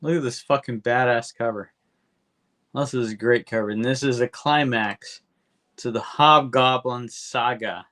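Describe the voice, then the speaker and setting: A man co-hosting a podcast, rambling through a comic book recap with lots of swearing and quick character asides. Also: medium pitch, a bit bright. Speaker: podcast co-host.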